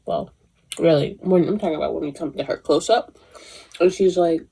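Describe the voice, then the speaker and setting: A woman in her twenties giving a casual, animated movie review, emotional and swearing freely. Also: on the low side, normal speed, breathy edge. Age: 20s. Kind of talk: casual chat.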